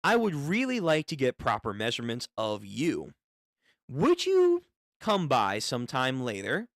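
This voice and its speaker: A man's voice: mid-range voice, huge pitch swings, a little slow, no room sound, clean studio sound. A man reading the part of an enthusiastic woman tailor from a witches' association, in an eager, fussy, polite manner.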